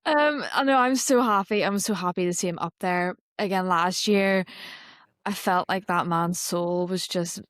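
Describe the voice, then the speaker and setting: A woman's voice: on the low side, moderate pace, dry recording, clean studio sound. Bubbly, laughing woman co-host. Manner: bubbly, laughs often, expressive. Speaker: podcast co-host. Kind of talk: casual chat.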